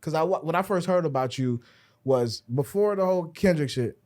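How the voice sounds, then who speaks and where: A male podcast host in casual conversation, asking questions in a relaxed, curious way. He restarts his sentences often as he feels his way toward the point. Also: a little high, a little fast. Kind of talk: casual interview chat.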